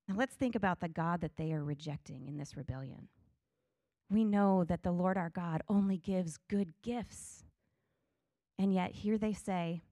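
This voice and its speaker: A woman's voice: mid-range voice, normal speed, darkish tone, no echo. Woman, middle-aged, Bible study teacher, earnest and conversational, dry close sound. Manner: earnest, conversational, reads scripture aloud.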